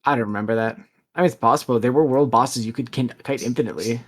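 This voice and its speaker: A man co-hosting a casual gaming podcast, animated, with frequent stammering restarts. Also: mid-range voice, fast. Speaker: podcast co-host.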